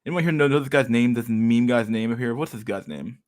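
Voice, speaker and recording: A man's voice: mid-range voice, fairly quick, darkish tone. Rambling, profane male streamer. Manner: rambling, profane, laughs often, mock outrage. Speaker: livestream host. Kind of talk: casual chat with live viewers.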